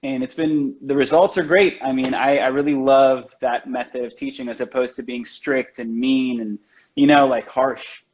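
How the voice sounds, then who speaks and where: A man's voice: mid-range voice, steady tone, moderate pace. A man on a video call, telling stories about his work in a loose, chatty way and filling his talk with "like" and "you know". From United States. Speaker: chocolatier guest. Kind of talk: casual storytelling chat. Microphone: video call from home. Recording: dull lo-fi livestream audio.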